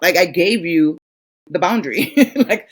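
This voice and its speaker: Profane, animated woman co-host. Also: lowish voice, a little slow, breathy edge. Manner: profane, animated storytelling with acted quotes. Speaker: podcast co-host. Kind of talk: casual chat.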